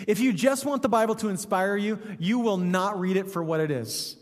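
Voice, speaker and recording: A man's voice: high-pitched, moderate pace, in a large hall. A man, a pastor, preaching a sermon in a conversational, joking way, often asking "right?".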